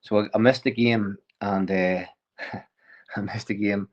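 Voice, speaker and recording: A man, a podcast guest telling a lively story, often chuckling and restarting sentences. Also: on the low side, takes it slowly, highs cut off. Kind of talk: casual storytelling.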